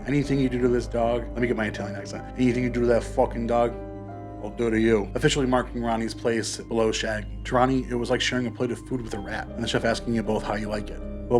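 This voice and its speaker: A man hosting a podcast, narrating true crime casually with profane, joking asides. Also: on the low side. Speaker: podcast host.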